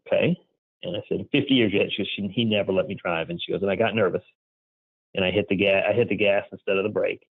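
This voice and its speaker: Gravelly-voiced man telling stories on stage. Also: lowish voice, no echo, narrow, tinny audio. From Virginia, USA. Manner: candid, storytelling, frequent uh fillers. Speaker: keynote speaker. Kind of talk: conference talk with personal stories.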